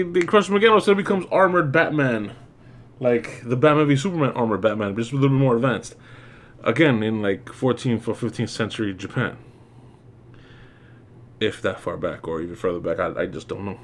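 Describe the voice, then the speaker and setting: A man hosting his own movie review, talking casually and off the cuff. He rants with exasperation, stumbling over fillers and swearing freely, at an ordinary, middling pitch. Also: expressive, fairly quick.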